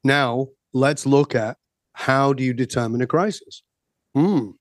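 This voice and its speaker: A man's voice: medium pitch, unhurried, dry recording. A man in an interview, a coach telling stories and asking rhetorical questions. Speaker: guest coach. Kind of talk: podcast interview talk.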